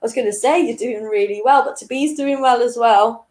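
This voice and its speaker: A woman's voice: on the high side, a little fast, darkish tone, rough recording. A woman in her late twenties hosting an online quiz, chatty and self-deprecating, often breaking into giggles. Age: 20s. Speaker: quiz host.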